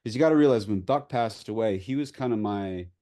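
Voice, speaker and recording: A man tells a candid story as a filmmaker guest at a Q&A. He swears freely and keeps the telling lively and animated. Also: fairly low pitch, brisk. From US Pacific Northwest. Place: post-screening Q&A.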